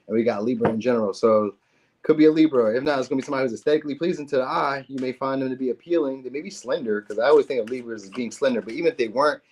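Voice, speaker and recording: A man rattling off a tarot reading at a quick clip, loose and chatty. His pitch sits in the middle of the range. He talks in slang, swears casually and keeps checking in with the viewer. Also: a little mellow. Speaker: tarot reader.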